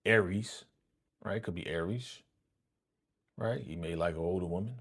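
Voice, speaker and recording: Speaking at a moderate pace, a man with a low, breathy-edged voice hosts a reaction video. He goes through an episode casually and slangily for his viewers, laughing frequently and saying the same things more than once.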